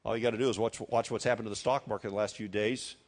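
An older man from Iowa preaching a sermon, with emphatic rhetorical questions and slow, solemn reading of hymn lines. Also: fairly low pitch, steady tone. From Iowa, United States.

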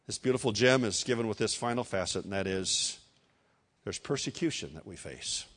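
An older man from Iowa delivers a sermon from the pulpit. He presses his points with rhetorical questions and slows to a solemn, measured pace when reading hymn text. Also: fairly low pitch, expressive, fairly bright tone. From Iowa, United States. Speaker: preacher.

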